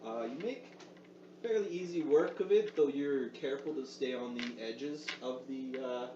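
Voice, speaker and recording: A man's voice: mid-range voice, moderate pace. A man running a tabletop game as game master, narrating with many hesitations and fillers. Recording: echoey room, far mic, dull sound, noise.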